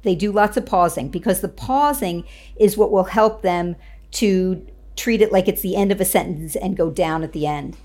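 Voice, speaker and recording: A woman's voice: lowish voice, moderate pace, darkish tone. A woman communication coach, a guest on a show, explaining tips confidently and laughing easily. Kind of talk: interview guest.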